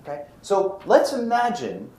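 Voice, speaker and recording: An older man lectures on physics with a lively, swooping delivery, slipping into quoted voices as he tells stories. His voice rings in an echoey hall, with faint noise underneath. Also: sits high, unhurried. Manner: lively storytelling, acts out quoted remarks, laughs at his own stories. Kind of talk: university physics lecture with anecdotes.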